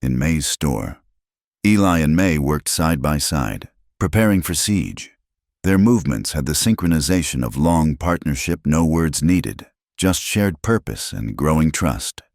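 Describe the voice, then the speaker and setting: A man narrating a scripted western story in a dramatic, measured way. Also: very deep voice, animated, a little mellow, no room sound, studio quality.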